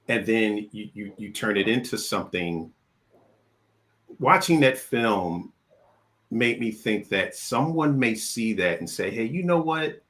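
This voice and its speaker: A man's voice: lowish voice, a bit bright. A man hosting a film interview, chatting casually and telling stories, often repeating words as he starts a sentence. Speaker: interview host.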